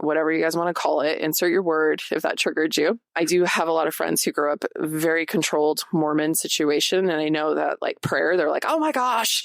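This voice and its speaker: A woman in her forties hosts her own show and talks straight to listeners in a casual, confessional way. Her voice sits low with a gravelly fry. The sound is close and dry, with no room around it. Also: dry recording. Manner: chatty, many "like" fillers, confessional. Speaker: podcast host. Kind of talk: casual personal talk to listeners.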